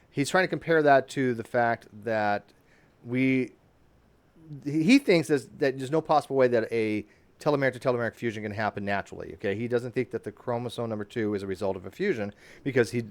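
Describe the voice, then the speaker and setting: A man hosting a casual live online hangout, talking fast and reading from his notes. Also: mid-range voice. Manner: fast talker, reads from notes. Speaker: channel host.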